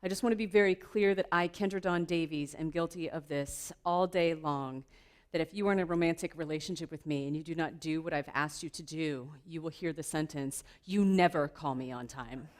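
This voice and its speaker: A woman giving a playful, lively keynote talk at a conference, laughing often with the audience. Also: low-pitched, a little fast. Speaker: keynote speaker. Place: conference room.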